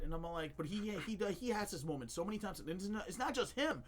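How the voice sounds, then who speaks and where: A man's voice: a little high, fast, fairly bright tone. A man co-hosting a podcast, chatting casually and telling rambling stories with frequent laughter and fillers. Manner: laughs often, rambling storytelling with many fillers. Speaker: podcast co-host. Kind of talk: casual chat.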